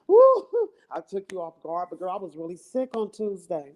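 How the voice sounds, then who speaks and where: A woman's voice: medium pitch, wildly swooping pitch, a little fast, a little mellow. A woman vlogger chatting casually and playfully to her viewers into her phone, laughing often as she teases.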